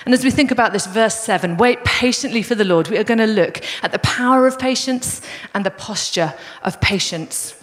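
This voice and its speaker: A woman's voice: on the high side, a little fast, hardly any pauses. A woman preaching a sermon in a conversational, storytelling way. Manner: conversational, storytelling, addresses the congregation as guys. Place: large church hall. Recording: long reverb of a church hall.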